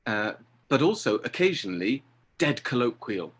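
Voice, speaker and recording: A middle-aged man talking about directing, lively and acting out exchanges he quotes. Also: medium pitch, normal speed, slightly rough. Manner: animated, acts out quoted exchanges. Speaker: theatre director. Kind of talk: conversational interview.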